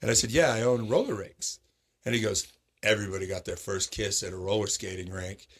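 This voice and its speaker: A middle-aged roller rink owner from Sacramento, California, guests on a podcast, telling stories in a casual chat. His fairly low voice is brisk and slightly rough, and he animatedly acts out the voices of people he quotes.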